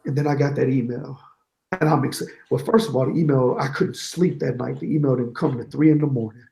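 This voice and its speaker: Interview guest, male: gravelly, candid storyteller, echoey room. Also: mid-range voice, fairly quick. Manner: candid, animated storytelling with quoted dialogue. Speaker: guest, certified network engineer.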